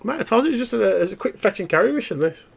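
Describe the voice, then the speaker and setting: A man narrating a tabletop horror game as game master, in halting, descriptive storytelling. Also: high voice, very animated, vocal fry, breathy edge.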